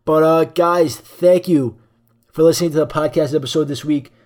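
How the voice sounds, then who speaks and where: A young man with a slightly high voice rants through his solo podcast, crude and profane as he rambles from one jab to the next. He talks into a cheap microphone. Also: steady tone, normal speed, a little mellow. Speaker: podcast host.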